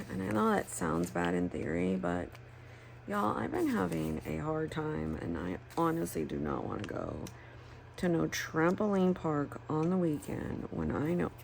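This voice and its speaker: A low-voiced woman talks through her crafting in a loose, rambling way and swears freely. Her voice has a gravelly rasp. Faint room noise hums behind her. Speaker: planner crafting vlogger. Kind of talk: casual chat while crafting.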